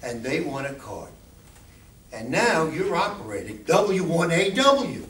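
A man's voice: on the high side, very animated, measured pace, a bit bright. A man giving an informal talk to a club meeting as a guest speaker, chatty and often asking the audience questions. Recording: echoey room, distant mic, faint noise.

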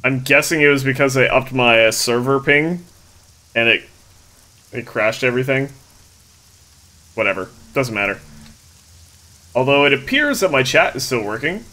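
A man's voice: mid-range voice, lively intonation, normal speed, pauses often, pushed and bright. A man casually chatting and joking while he streams a video game, talking to his chat and a friend. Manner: joking, loose, talks to chat while playing.

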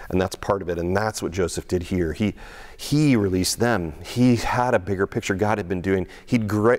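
In a conversational sermon, a middle-aged pastor frequently restarts and repeats himself. When quoting others, he acts the lines out in a raised voice with higher pitch.

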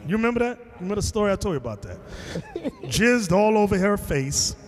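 A man preaching to a class, telling a story with lively acted-out quotes and bursts of shouting. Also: high-pitched, quick pace, long reverb tail, soft background music. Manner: animated storytelling, acting out quotes, shouting at times. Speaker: teacher. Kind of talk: sermon.

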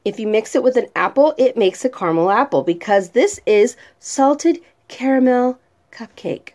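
A woman's voice: a little high, expressive, moderate pace, a little mellow. A woman vlogger chatting casually about her favorite products and reading their descriptions aloud. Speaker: vlogger reviewing home fragrance products. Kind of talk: casual chat.

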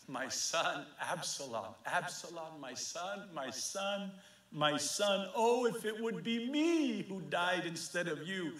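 A man pastor preaching an impassioned sermon, swinging between hushed and fervent passages. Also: on the high side. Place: church sanctuary. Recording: echoey church sanctuary.

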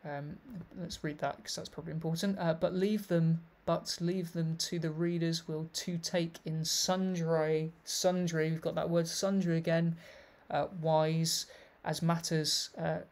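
A man's voice: on the high side, level tone, unhurried, hardly any pauses, a little mellow. A man giving an explanatory video lecture, reading passages aloud and commenting on them as he goes. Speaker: literary researcher presenting a thesis.

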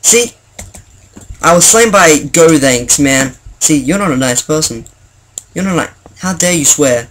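A young man talks over his game in a slightly high voice, excitable and prone to stammering restarts. He swings into mock outrage at other players. Faint keyboard clicks and typing sit behind him. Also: a little slow, a little hiss or hum. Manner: excitable, stammering, jokingly indignant. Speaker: gaming channel host. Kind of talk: gameplay commentary.

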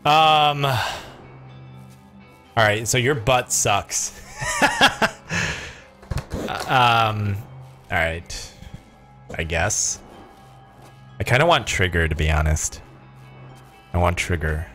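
A man casually commenting on a co-op game while streaming, jokey and swearing, with sudden excited yells. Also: on the low side, slow, long pauses. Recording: game music and gunfire underneath. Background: game music and gunfire.

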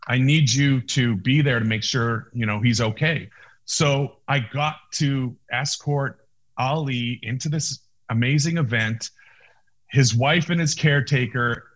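On a video call, a male actor being interviewed tells a story in casual, animated talk, restarting often and acting out quotes. His voice is mid-range and a little slow.

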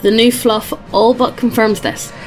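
A woman's voice: fairly high pitch, fairly even intonation, measured pace, faint music behind. A woman co-hosting a podcast, reading fan posts aloud in a dry, matter-of-fact way. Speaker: podcast co-host.

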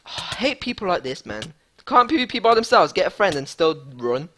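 A man giving excitable live gameplay commentary as a gaming YouTuber, hyped and repeating himself. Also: sits high, brisk, a little hiss or hum.

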